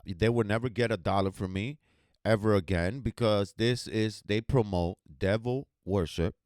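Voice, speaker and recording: A man's voice: on the low side, normal speed, a little mellow, no echo, studio quality. A man hosting his own talk show, giving emotional, swearing commentary with strong emphasis. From United States. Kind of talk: heated commentary to camera.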